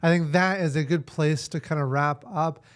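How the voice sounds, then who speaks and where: A man's voice: fairly high pitch, fairly even intonation, normal speed, smooth. A man hosting an interview, appreciative as he wraps up the conversation. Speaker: host. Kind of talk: casual interview chat.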